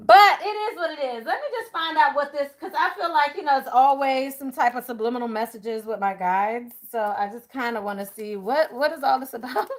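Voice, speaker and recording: A woman's voice: sits high, brisk, few pauses. A woman doing a live tarot reading, chatting casually and talking to her viewers as y'all. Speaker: tarot reader.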